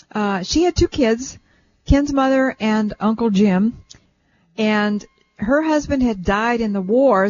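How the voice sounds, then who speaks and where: An older woman hosting a radio show, telling a family story in a chatty, animated way. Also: fairly high pitch. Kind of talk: casual radio chat, storytelling. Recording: dull lo-fi radio sound.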